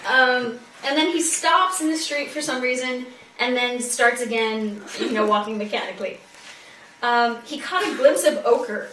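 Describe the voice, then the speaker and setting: A woman's voice: on the high side, measured pace, fairly bright tone, slight background noise. A woman co-hosting a casual show, reading from a novel and paraphrasing it loosely, with lots of fillers and giggles. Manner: informal, with many fillers and giggles. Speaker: co-host and reader. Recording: roomy, distant amateur recording.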